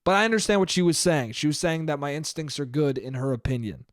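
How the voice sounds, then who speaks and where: A man's voice: on the high side, fast, dry recording, clean studio sound. A man hosting a solo podcast, telling a story in a casual, profane, self-deprecating way and saying "dude" a lot. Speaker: podcast host.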